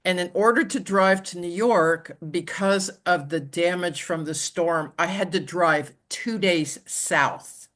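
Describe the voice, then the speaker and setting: A woman telling her own story as an interview guest, in a halting way with frequent restarts and "you know". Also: fairly low pitch, fairly bright tone. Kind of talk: conversational personal storytelling.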